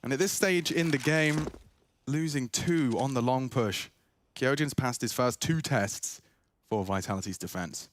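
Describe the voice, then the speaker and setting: A man calling live esports action into a headset mic, excitable on big plays. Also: medium pitch, measured pace, a little hiss or hum. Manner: excitable play-by-play calls. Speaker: esports caster. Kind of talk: live play-by-play commentary.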